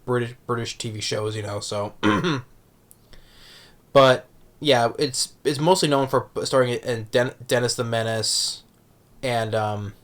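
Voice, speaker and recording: A man talking casually as a movie reviewer, halting with many restarts and fillers. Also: mid-range voice, fairly bright tone. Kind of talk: casual vlog talk.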